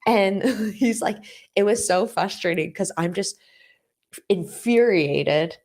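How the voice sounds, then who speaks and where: A woman's voice: medium pitch, takes it slowly, a little mellow. A woman in her thirties, a podcast co-host chatting casually, telling a long story that she acts out with quoted dialogue and frequent laughter. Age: 30s. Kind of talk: casual chat.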